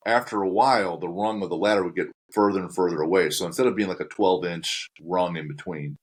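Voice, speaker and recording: Male podcast host, deep and low, casual storyteller who acts out his reactions. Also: quick pace, slightly rough.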